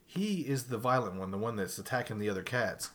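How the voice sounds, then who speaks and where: A man casually telling a profane, animated story in a chat, laughing along as he goes. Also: lowish voice, fairly quick.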